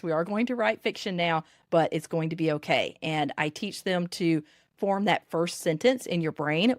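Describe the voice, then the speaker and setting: A woman with a Southern US accent talks in a lowish voice, animated and expressive as she explains her methods. The sound is close and dry, with no room around it. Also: no echo. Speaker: dictation coach for authors. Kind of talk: podcast interview.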